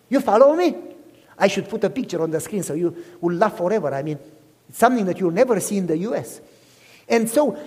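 A man preaching, his voice swinging widely in pitch as he acts out conversations. The tone is somewhat husky, and a long reverb trails each phrase from the large hall he speaks in. He keeps turning to the congregation to ask if they follow. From Romania. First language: Romanian. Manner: animated, acts out dialogue, asks listeners "you follow me?". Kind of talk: storytelling sermon.

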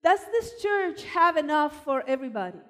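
A woman from Argentina preaching a sermon, telling personal stories with animated emphasis. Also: high voice, moderate pace. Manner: animated storyteller, voice rising for emphasis. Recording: long hall reverb.

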